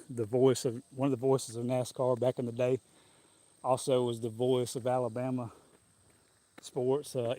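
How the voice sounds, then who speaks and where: This man's medium-pitched, mellow voice carries a casual, jokey live-stream chat as he walks outdoors in the sun. He rambles loosely and chuckles as he goes.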